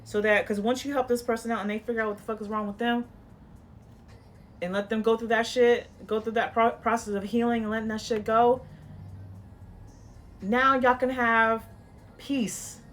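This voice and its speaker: A woman's voice: on the high side, little pitch movement, moderate pace, long pauses, a little hiss or hum. A woman giving a casual tarot reading in a blunt, profane, coaching tone, rambling with frequent "you know"s and restarts. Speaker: tarot reader.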